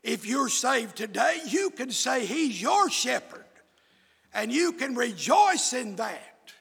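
A male preacher who preaches in bursts, shouting his emphatic lines, with many "uh" fillers. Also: extremely high pitch, big pitch swings, slow, gravelly, husky. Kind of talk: fiery sermon. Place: church. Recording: echoey hall with long reverb.

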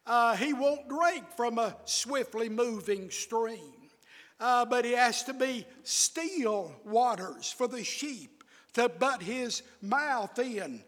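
A man preaching a sermon and praying, with slow, measured emphasis on his words. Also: very high voice, expressive, a bit bright. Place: church sanctuary with long reverb. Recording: reverberant church hall.

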